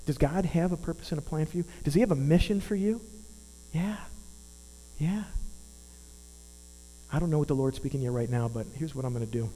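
A man's voice: fairly high pitch, fairly quick, long pauses, dark tone. A man, preaching a sermon in an earnest, conversational way and asking the congregation questions. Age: 50s. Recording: long hall reverb with mains hum.

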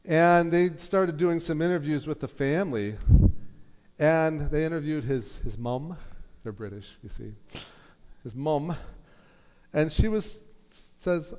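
A man's voice: a little high, takes it slowly, long pauses. A middle-aged man preaching a sermon to a congregation, telling a story and acting out the people in it. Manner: storytelling with lively quoted voices. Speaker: pastor. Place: church hall. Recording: long hall reverb.

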